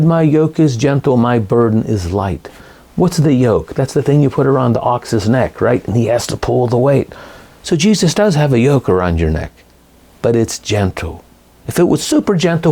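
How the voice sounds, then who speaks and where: A middle-aged man giving a casual, rambling talk on Catholic faith, often correcting himself as he goes. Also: medium pitch. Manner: rambling, animated, self-correcting. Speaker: lay Catholic speaker.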